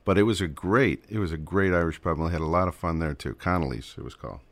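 A man with a very low voice chats with his co-host in a dry, close-sounding studio. He laughs easily and stumbles over repeated words as he recalls a trip, in an easygoing radio-host manner. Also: fast talker, fairly bright tone, no room sound. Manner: chuckling, hesitant with repeated words. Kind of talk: casual radio chat.

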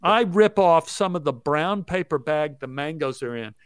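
A man, an actor, telling a story in a rapid, breathless way and acting out what people said. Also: a little high, lively intonation, smooth, dry recording, clean studio sound. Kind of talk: animated anecdote telling.

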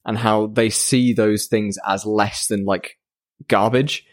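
A man's voice: lowish voice, steady tone, slow pace, dry recording, studio quality. Rambling jokey male podcast co-host. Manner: rambling, jokey, trails off mid-sentence. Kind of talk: casual chat.

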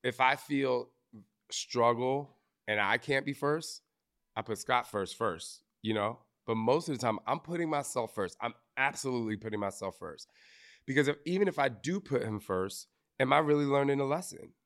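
This podcast host has a medium-pitched, fairly bright voice with lively intonation and a moderate pace. At a live recording, he opens up candidly and emotionally to the audience, swearing casually, and briefly tears up.

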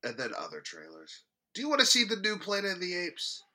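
A man's voice: high-pitched, wildly swooping pitch, a little fast, bright, forceful tone. A man co-hosting a movie podcast, chatting casually and laughing often as he teases his friend. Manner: giggly, teasing. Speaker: podcast co-host. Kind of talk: casual chat.

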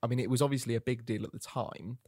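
A man in a casual film discussion, speaking in a measured, thoughtful way. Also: mid-range voice, steady tone, a little mellow, husky, dry recording, studio quality.

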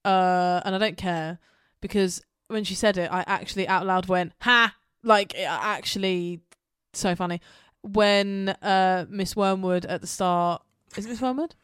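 A woman co-hosting a podcast in a middle register. Her voice is smooth and clear, recorded close and dry. She talks casually and enthusiastically and swears freely. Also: medium pitch, fairly even intonation, measured pace, no echo. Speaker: podcast co-host. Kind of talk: casual chat.

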